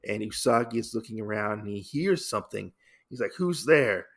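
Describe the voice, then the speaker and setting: Gravelly-voiced male podcast host. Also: fairly low pitch, brisk. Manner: relaxed, many filler "uh"s. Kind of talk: casual comic recap.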